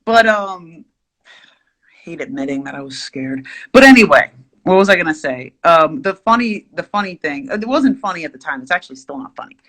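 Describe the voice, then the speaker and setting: A woman's voice: lowish voice, animated, moderate pace, fairly bright tone. A woman vlogger telling a rambling, exaggerated story while she draws.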